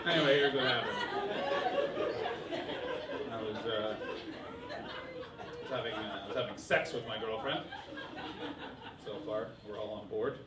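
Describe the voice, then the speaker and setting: A man performing live stand-up comedy, energetic, jumping into loud mock voices. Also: fairly low pitch, unhurried, long pauses, very noisy. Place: comedy club stage. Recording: roomy live club sound, distant mic, loud crowd laughter. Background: audience laughing.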